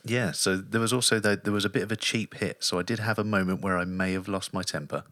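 A man hosting a podcast, telling stories in wry, relaxed casual chat. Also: low-pitched, fast, dry recording, studio quality. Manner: storytelling, wry. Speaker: podcast host, flag football player.

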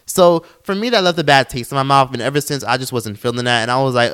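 A man hosting a commentary channel, delivering an angry, profane reaction rant that flares into yelling and mocks the people he quotes. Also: medium pitch, lively intonation, fast talker, few pauses. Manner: heated, profane, swings into yelling; mocks others in quoted put-on voices.

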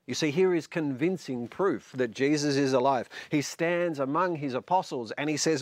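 A man preaching a sermon with animated storytelling and light humour. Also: a little high, moderate pace, hardly any pauses, no echo.

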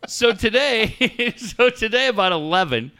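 A man's voice: sits high, unhurried, clean tone. A middle-aged man co-hosting a talk show, telling a story animatedly and swearing freely. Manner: animated, acts out quoted voices, swears freely. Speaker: radio show co-host.

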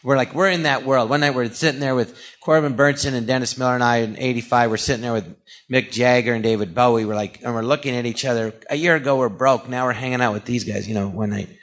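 An older man from California, a comedian guest in a casual interview, telling anecdotes in an animated way with many restarts. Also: mid-range voice. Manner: animated storyteller, acts out anecdotes, halting restarts.

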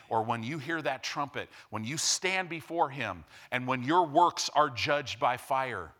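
Bright-voiced, impassioned male pastor. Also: mid-range voice. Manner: impassioned, rises to loud emphatic preaching. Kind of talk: sermon.

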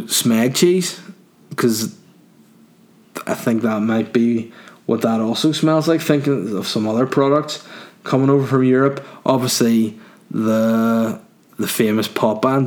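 A man's voice: medium pitch, a little mellow. A man doing a crude, rambling comic monologue, answering listener questions and laughing at his own jokes.

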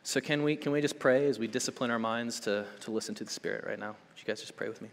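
A young adult male pastor preaching a sermon, swinging between loud urgent build-ups and hushed soft passages, checking in with "okay?" and "right?". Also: mid-range voice, fast talker, long reverb tail. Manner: conversational, with frequent "okay?" and "right?" check-ins.

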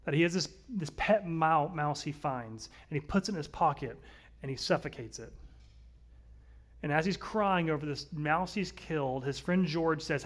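Earnest man preaching, slightly high voice. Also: moderate pace. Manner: earnest, conversational preaching with shifts between loud and soft. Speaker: pastor. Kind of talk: sermon.

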